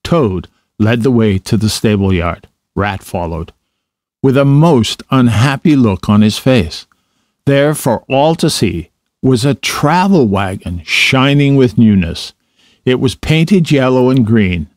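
A man narrates a children's story with a clear, steady delivery. His voice sits at a middle pitch for a man. The recording is close and dry, with little room sound. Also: takes it slowly, dry recording. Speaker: storybook reader.

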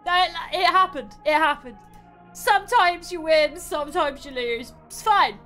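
A young adult woman hosting a live game stream, commentating excitedly and laughing often. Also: high voice, measured pace, soft background music. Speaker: streamer host.

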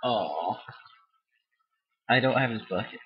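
A man's voice: on the low side, lively intonation, slow pace, slightly rough. A young man casually commenting on an online board game, goofy and giggly, breaking into silly made-up songs. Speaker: gameplay commentator. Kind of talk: casual let's-play commentary. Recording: dull lo-fi home recording.

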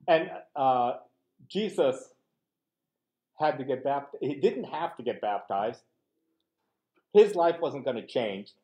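A man's voice: mid-range voice, lively intonation, takes it slowly, pauses often, darkish tone. A man teaching a Bible study class as pastor, talking conversationally, asking rhetorical questions and acting out short exchanges. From United States. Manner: acts out short quoted exchanges.

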